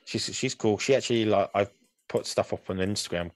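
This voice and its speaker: A young man co-hosts a podcast, rambling casually with plenty of fillers and restarts. His voice is on the low side and a bit fast, recorded dry.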